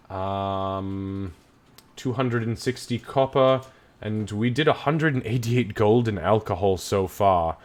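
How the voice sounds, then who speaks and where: A man narrating as game master of a tabletop game, relaxed and chatty, voicing townsfolk as he goes. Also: medium pitch.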